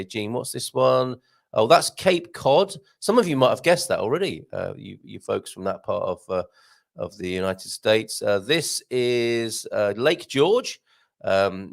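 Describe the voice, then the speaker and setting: A man's voice: mid-range voice, gravelly. A man hosting a live stream, chatting with viewers in a giggly, rambling way with plenty of ums. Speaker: host.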